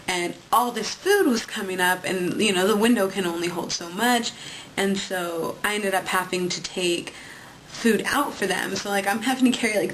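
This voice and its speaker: A woman's voice: mid-range voice, a bit bright, poor audio. Young woman in her twenties, casual vlog rant, filler-heavy chatter with cursing, faint hiss under a webcam mic. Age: 20s. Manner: chatty, peppered with "like" and swearing. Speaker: vlogger. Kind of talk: casual venting monologue.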